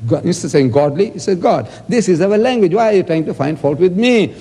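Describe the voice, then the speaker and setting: A man's voice: high voice, animated, a little fast, dark tone, slightly rough, in a large hall. A man giving an emphatic debate speech, quoting scripture and asking rhetorical questions.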